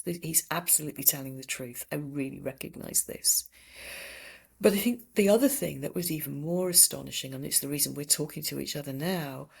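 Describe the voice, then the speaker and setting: A woman in her sixties, a palliative care doctor, telling stories from her work in a gentle, reflective way in a podcast interview. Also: on the low side, vocal fry, slightly rough. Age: 60s. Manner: reflective, gentle, recounting patient stories with quoted speech.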